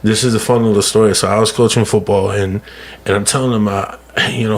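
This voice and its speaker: Man, low voice, earnest, casual podcast guest, repeats himself, faint hiss. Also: little pitch movement, quick pace. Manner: emphatic, repeats words, says "bro" and "man". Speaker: guest speaker on mental health. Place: podcast studio.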